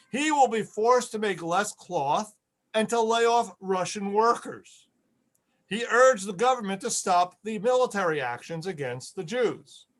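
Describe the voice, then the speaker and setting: A man's voice: sits high, fairly bright tone. A man giving an online history lecture over a video call, earnest, repeating key words for emphasis.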